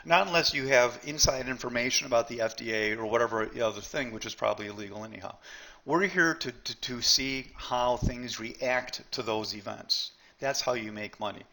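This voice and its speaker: A man's voice: medium pitch, normal speed, sharp tone. A man teaching a live trading seminar, blunt and emphatic, often repeating himself and talking straight to the group.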